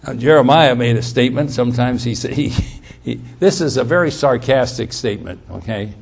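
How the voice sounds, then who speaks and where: A man preaching a sermon. He repeats key words for emphasis, restarts his sentences, and swings between loud emphatic passages and quiet asides. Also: medium pitch, a little fast, creaky, a little hiss or hum.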